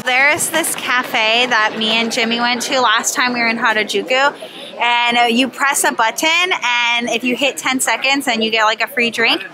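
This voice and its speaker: A woman's voice: fairly high pitch, normal speed, noisy background. Chatty young woman vlogging a trip. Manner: chatty, filler-heavy, giggly. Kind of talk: casual travel vlog narration. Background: background music.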